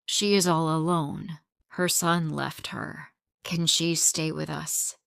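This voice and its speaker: A woman voicing a kind police officer in an audiobook story, speaking gently, slowly and plainly. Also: low-pitched, steady tone, vocal fry, clean tone, no room sound, studio quality, exaggerated voice. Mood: gentle. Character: kind middle-aged male police officer.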